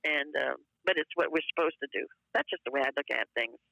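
A woman's voice: deep voice, quick pace, creaky, pushed and bright, dry recording, low-quality recording. A woman in her eighties, a former actress, telling stories in a chatty, rambling way and acting out the voices she quotes. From United States. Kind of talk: casual storytelling interview.

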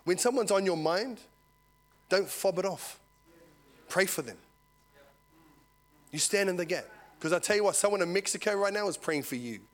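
A New man in his forties preaching and telling his testimony, his voice sitting a little higher than most men's. He moves from soft, close words spoken to one person to loud, excited storytelling. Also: normal speed, long pauses. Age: 40s. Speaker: lay preacher. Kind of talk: prophetic ministry and testimony.

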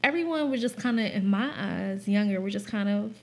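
Brief: young woman co-host, mid pitch, teasing and blunt in casual talk. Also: expressive, brisk, creaky. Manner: teasing, laughs a lot, blunt. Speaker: podcast co-host. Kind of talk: casual chat.

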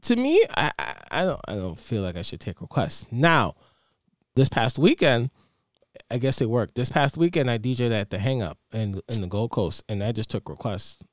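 A man's voice: medium pitch, sing-song, normal speed, no room sound, studio quality. A man, a DJ co-hosting a podcast, chatting casually, laughing easily and often restarting his sentences. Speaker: DJ and podcast co-host. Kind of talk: casual chat.

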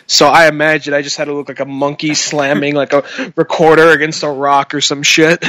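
A man's voice: fairly high pitch, level tone, fairly quick, fairly bright tone, dry recording, poor audio. A man co-hosting a podcast in casual chat, rambling loosely and laughing often. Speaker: podcast co-host.

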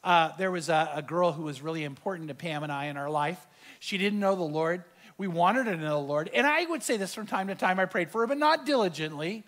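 A man's voice: sits high, a little fast, fairly bright tone. A middle-aged male pastor preaching a sermon, telling a personal story and acting out the quoted dialogue with animation.

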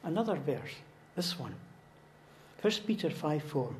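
A man's voice: fairly high pitch, very animated, measured pace, reverberant, a little hiss or hum. A man preaching a sermon, earnest and repetitive, building to emphatic proclamations.

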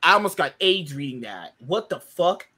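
A man's voice: fairly high pitch, big pitch swings, moderate pace, pushed and bright, slightly rough. A man hosting a casual podcast chat, talking animatedly and often exclaiming in disbelief. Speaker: podcast host.

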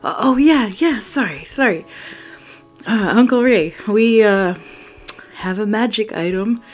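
A woman's voice: mid-range voice, animated, unhurried, faint music behind, voice pushed up, close to an everyday voice. A woman voicing a tall, goofy young nephew who talks eagerly and trips over his apologies.

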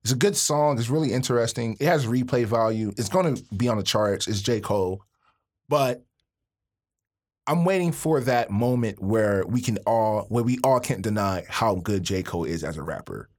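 A man co-hosting a podcast in casual chat, opinionated and animated, full of slang and repeated words when he gets going. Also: on the low side, moderate pace. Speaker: podcast co-host.

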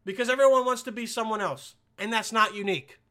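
A young man hosting a podcast in a casual, rambling monologue, swearing constantly and swinging between mumbles and loud outbursts. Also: high-pitched, fast. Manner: profane, rambling, jokey. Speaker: podcast host.

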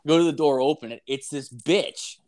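A young man, rambling and profane, telling an animated anecdote in casual chat with filler words everywhere. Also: fairly high pitch, a little fast. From Canada. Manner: animated, acts out voices in anecdotes.

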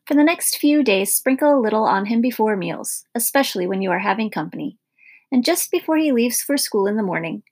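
A woman doing a brisk, matter-of-fact older lady. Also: a little high, expressive, a little mellow, husky.

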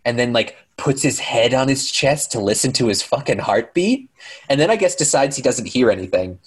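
A man's voice: mid-range voice, expressive, moderate pace, husky. A man casually recapping a movie on a podcast, rambling and sarcastic, swearing and mimicking the characters. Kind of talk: casual chat.

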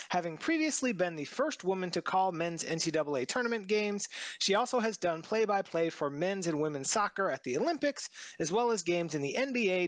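A man with a Boston accent co-hosting a casual talk show, chatty with lots of quick asides. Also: high voice, dry recording. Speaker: podcast co-host. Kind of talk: casual chat.

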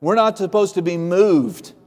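A man's voice: sits high, unhurried, a little mellow, in a large hall. A male pastor preaching a sermon, emphatic and repetitive, with folksy humor.

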